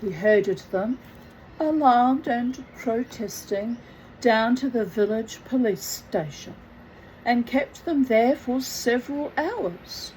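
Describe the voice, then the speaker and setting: Woman reading a book out loud, slow and easy, chatty little self-mocking asides. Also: fairly high pitch, expressive, a little hiss or hum, low-quality recording. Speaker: reader.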